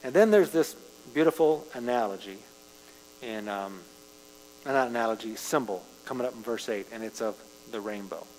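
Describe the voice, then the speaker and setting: A man's voice: medium pitch, normal speed, darkish tone. A man preaching a sermon, reading scripture and then talking it through in a conversational way, rising for emphasis. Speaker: pastor. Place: church sanctuary. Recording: live church stream with long reverb and mains hum.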